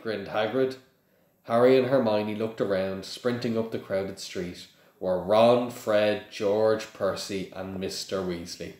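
A man's voice: on the low side, measured pace, a little mellow, roomy sound. A man reading a children's story aloud in a plain manner with small slips and restarts. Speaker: reader.

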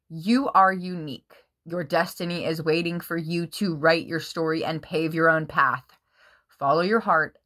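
An excitable woman does a casual tarot reading for her viewers. Her voice sits a little low but sounds bright and forceful, and she swears freely and often bursts out laughing. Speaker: tarot reader.

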